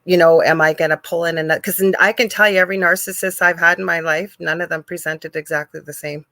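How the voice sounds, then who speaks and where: A woman's voice: fairly low pitch, fairly even intonation, fast talker, sharp tone, no echo. A woman hosting a casual chat who laughs often and backs up her guest with short replies. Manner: chatty, laughs often, gives many short backchannels. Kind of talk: casual conversation.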